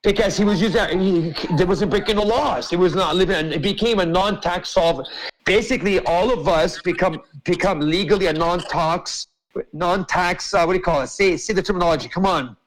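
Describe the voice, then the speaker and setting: A man's voice: high-pitched, fairly quick, poor audio. A man hosting an open-mic group chat, ranting emphatically and swearing a lot. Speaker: host.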